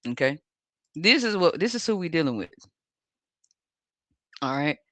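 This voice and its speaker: Mocking, animated host, cursing freely. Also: medium pitch, unhurried, no echo. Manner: mocking, laughs often, coarse slang. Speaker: tarot channel host. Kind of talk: profane mocking commentary over images.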